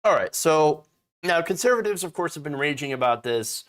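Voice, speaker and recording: Male political host, lively swooping pitch, fairly high voice, swearing and exasperated. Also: moderate pace. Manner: profane, exasperated, mocking. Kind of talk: ranting political commentary.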